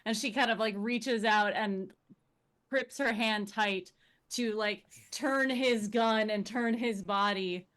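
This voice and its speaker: Slightly high-voiced woman player, casual. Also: slow pace, fairly bright tone. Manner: casual, giggly, hesitant with fillers. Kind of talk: playing a tabletop game.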